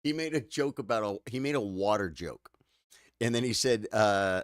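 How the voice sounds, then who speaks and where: A man chatting live with his viewers, tired and choked up, halting and repeating words as he talks. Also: on the low side, dry recording, clean studio sound. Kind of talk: casual live-stream chat.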